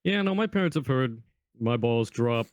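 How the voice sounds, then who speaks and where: A young man co-hosting a podcast, chatting casually and cutting in with quick asides. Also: mid-range voice, animated, no room sound. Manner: quick interjections, laughing asides. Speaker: podcast co-host. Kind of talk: casual chat.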